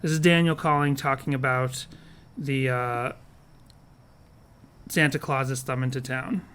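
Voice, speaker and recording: A man's voice: mid-range voice, steady tone, measured pace, fairly bright tone, smooth. A man co-hosting a casual podcast, rambling, joking and correcting himself as he talks on a porch. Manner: rambling, self-correcting, jokey. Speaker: podcast co-host.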